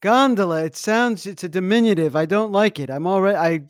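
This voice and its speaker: A man co-hosting a podcast in casual chat, cracking deadpan jokes. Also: sits high, brisk, no echo, clean studio sound.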